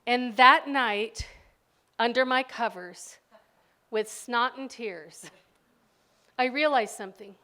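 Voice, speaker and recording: Older grandma type preaching, high clear voice, goes quiet then gets loud and animated telling her story. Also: slow, pauses often. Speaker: speaker. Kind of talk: faith talk with a personal story.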